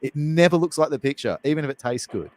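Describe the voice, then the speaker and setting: A man's voice: on the high side, animated, quick pace, no echo, low-quality recording. Jokey man hosting a cooking show. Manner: chatty and jokey, self-deprecating. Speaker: host.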